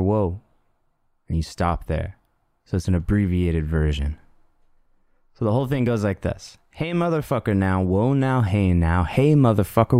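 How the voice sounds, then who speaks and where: A man hosts his podcast with a low, smooth voice, swearing freely as he rambles through a playful intro. The sound is dry and close on a studio mic. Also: warm tone, no echo. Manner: playful, profane, rambling with restarts. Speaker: podcast host. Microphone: studio microphone.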